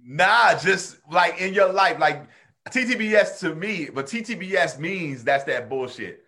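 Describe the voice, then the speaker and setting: Animated man telling comedy stories. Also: high voice, measured pace. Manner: animated storyteller, acts out voices in anecdotes. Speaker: stand-up comedian and host. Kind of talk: casual conversation, storytelling.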